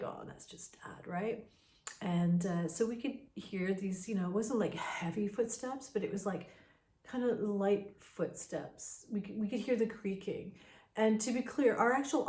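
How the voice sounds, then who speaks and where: A woman's voice: mid-range voice, normal speed, a little mellow. A woman casually telling a personal ghost story in a chatty, conversational way. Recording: roomy echo.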